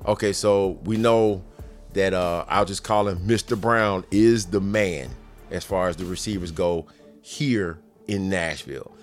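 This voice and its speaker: A man's voice: deep voice, measured pace, soft background music. A man giving casual sports commentary, running through news in an offhand way with jokey asides.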